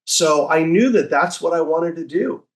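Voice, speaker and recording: A man in his sixties telling stories as a podcast guest, lively and acting out the voices of people he quotes. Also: a little high, moderate pace. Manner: animated, acts out quoted voices. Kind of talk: casual storytelling.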